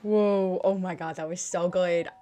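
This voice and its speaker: A woman's voice: on the low side, steady tone, unhurried, warm tone. A woman hosting a music reaction video at home, gushing with frequent exclamations and talking to herself as she watches.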